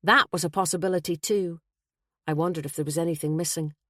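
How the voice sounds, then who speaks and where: Low-voiced woman narrating a mystery. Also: steady tone, fast, a bit bright, no room sound. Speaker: audiobook narrator. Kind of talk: first-person mystery narration.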